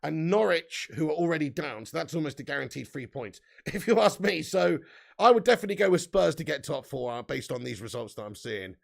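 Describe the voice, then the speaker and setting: A man's voice: a little high, very animated, fairly quick, creaky. A man hosting a casual live football stream, chatting, reading the live chat aloud and laughing often.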